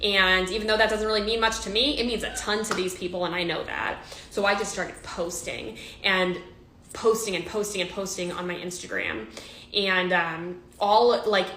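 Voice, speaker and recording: A woman's voice: medium pitch, fairly even intonation, moderate pace, pushed and bright, roomy sound, a little hiss or hum, low-quality recording. A woman telling a personal story in a storytime vlog, emotional and repetitive with many restarts.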